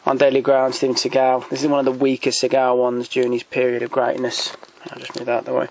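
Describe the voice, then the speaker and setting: A man speaks at an everyday middle pitch, thinking aloud as he goes, with frequent ums and restarts. He is off-the-cuff and keen, recorded at home beside a shelf. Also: completely flat delivery, fast, creaky, slight background noise, low-quality recording. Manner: hesitant, many ums and restarts, enthusiastic recommendations. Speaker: collector showing DVDs. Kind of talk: casual off-the-cuff commentary.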